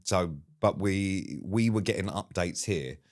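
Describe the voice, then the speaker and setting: A man's voice: deep voice, a little slow. A man hosting a podcast, casually recapping events and prompting his guest. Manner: relaxed prompting, recaps events, laughs along. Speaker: podcast host. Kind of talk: casual chat. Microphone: studio microphone.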